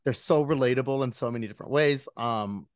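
Man, podcast host, casual chat, profane, chatty, middle pitch, dry sound. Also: brisk, no echo. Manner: chatty, profane, laughs often.

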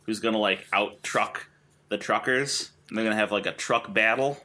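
A man's voice: lowish voice, normal speed, pushed and bright. A man co-hosting a podcast, chatting casually and riffing with jokes. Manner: jokey, riffing. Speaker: podcast co-host. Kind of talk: casual chat.

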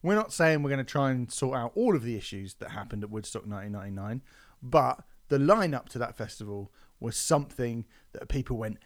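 A man's voice: medium pitch, expressive, fast talker. This is a man in casual podcast chat. He tells his stories animatedly, working himself up into mock outrage and dropping swear words as he goes. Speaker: podcast host.

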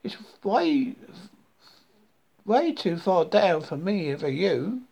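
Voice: mid-range voice, big pitch swings, takes it slowly, vocal fry, dark tone, exaggerated voice. A reader voicing a grumpy, weepy bat in a rhyming children's story, whiny and fretful.

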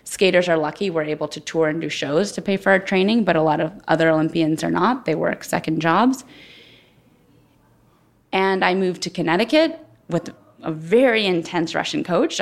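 A woman's voice: fairly low pitch, gravelly. A woman interviewed as a guest, telling her story candidly and thoughtfully in conversation. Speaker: guest, former Olympic figure skater.

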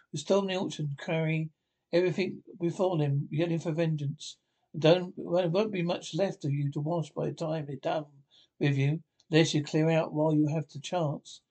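A man voicing a timid, earnest male mole who recounts a scare in a halting way, full of restarts. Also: fairly high pitch, darkish tone, poor audio.

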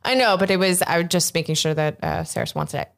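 Serving as game master for a tabletop session, this woman narrates at an easy, stop-and-start pace, leaning on plenty of fillers. Her voice sits fairly low and has a gravelly texture.

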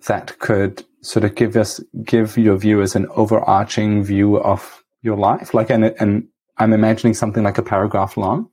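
A man talking as a podcast guest, his fairly low voice mellow and husky. He speaks thoughtfully and hesitantly, with many ums as he works through his ideas. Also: little pitch movement, moderate pace, few pauses. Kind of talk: casual chat.

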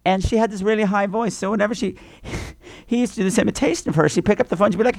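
Sassy high-voiced man ranting. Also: very fast, creaky, a little mellow, dry recording. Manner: sassy, profane, exasperated. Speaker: podcast host and movie reviewer. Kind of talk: casual comic movie review rant.

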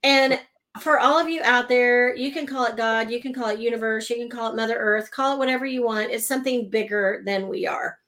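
Middle-aged woman guest, animated storyteller, slightly high voice, laughs as she talks. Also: fairly quick, low-quality recording. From Oklahoma. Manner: animated, laughs between lines, acts out quoted voices. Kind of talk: personal storytelling in conversation.

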